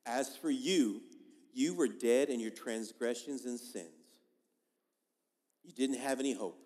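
A man's voice: medium pitch, takes it slowly. Man preaching in a reverberant hall. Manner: conversational, emphatic preaching that swings between loud and soft. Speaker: pastor. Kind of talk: sermon. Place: church sanctuary. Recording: long reverb of a large hall.

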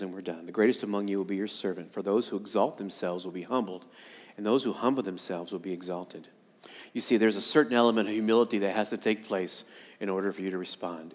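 A middle-aged male pastor preaching a sermon earnestly, repeating key lines and acting out the voices of his congregation. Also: on the low side. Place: church sanctuary. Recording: long hall reverb.

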